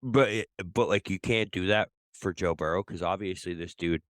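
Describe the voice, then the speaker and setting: A man's voice: sits low, normal speed, no room sound, studio quality. A man co-hosting a sports podcast in casual chat, rambling and swearing freely, often restarting his sentences. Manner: rambling and profane, with many restarts. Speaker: podcast co-host.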